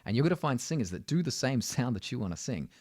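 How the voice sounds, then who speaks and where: A man's voice: mid-range voice, sing-song, quick pace, a little mellow, no room sound. A man teaching singing, explaining technique and often checking in with "right?". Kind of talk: vocal lesson.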